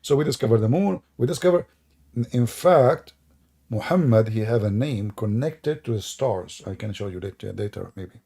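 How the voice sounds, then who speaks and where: Sarcastic guy ranting on a stream, gravelly low-key voice, keeps asking mocking questions. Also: lively intonation, moderate pace, mellow. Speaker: online religious debate host. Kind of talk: mocking livestream commentary.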